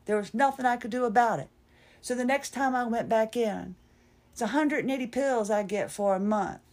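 A woman's voice: medium pitch, darkish tone. Candid woman telling a personal story. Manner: candid, rambling, self-deprecating. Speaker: podcast host.

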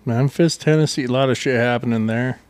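A man co-hosts a loose podcast and keeps cracking sarcastic jokes. His voice sits at an ordinary middle pitch. The sound is dry and close, with no room echo. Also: fairly quick. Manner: joking, sarcastic. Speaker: podcast co-host. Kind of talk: casual banter.

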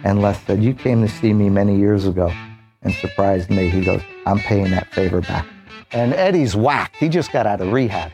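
Man telling a lively anecdote. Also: lowish voice. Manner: lively storyteller acting out quoted voices. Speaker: police officer guest.

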